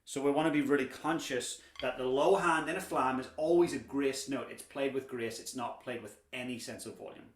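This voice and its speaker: Speaking a little fast with hardly a pause, a young man with a medium-pitched voice teaches drums. His instruction is friendly, talkative, and supportive, sprinkled with dad jokes, and the room is echoey with clear background noise.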